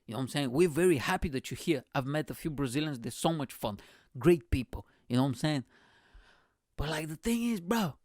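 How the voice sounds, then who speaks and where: Energetic profane man from Bulgaria. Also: fairly high pitch, fairly quick, dry recording, clean studio sound. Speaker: podcast host. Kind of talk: comedic monologue.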